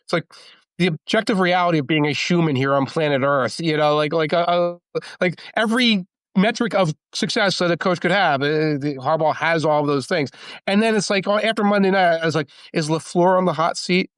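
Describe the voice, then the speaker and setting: A man talking football as a podcast guest, rambling and animated, full of asides. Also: fairly high pitch, brisk, clear, resonant tone, no echo. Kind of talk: casual sports talk.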